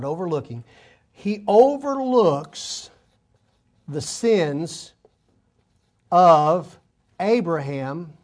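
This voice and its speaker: A man teaching a sermon to a congregation, explaining words and asking listeners to help him. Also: fairly high pitch. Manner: explanatory, talks to congregation, asks them for help. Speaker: preacher.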